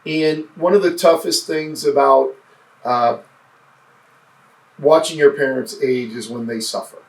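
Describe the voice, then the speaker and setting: Interview guest, male, mid-pitched and gravelly, sincere and thoughtful, roomy off-mic sound. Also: recorded from a distance. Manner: earnest, reflective, halting restarts. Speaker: podcast guest, former state senate candidate. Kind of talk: casual interview conversation.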